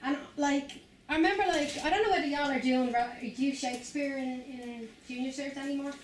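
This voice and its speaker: A woman's voice: high voice, a little fast, distant mic, a little hiss or hum. Chatty Irish woman in an echoey room. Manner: chatty, loose, full of "like" and "you know what I mean". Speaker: visiting spoken word poet. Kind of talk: casual talk to school students.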